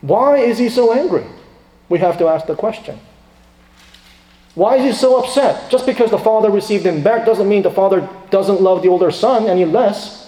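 A man preaching a sermon dramatically, swinging from loud emphatic questions to quiet asides. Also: sits high, expressive, moderate pace. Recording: echoey reverberant hall.

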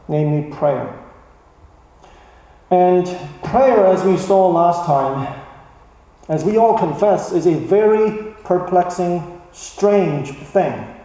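Pastor guy preaching, gets animated and loud on key points, big roomy church echo. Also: high-pitched. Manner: animated, voice rising for emphasis. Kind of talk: sermon. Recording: echoey church hall, mic at a distance.

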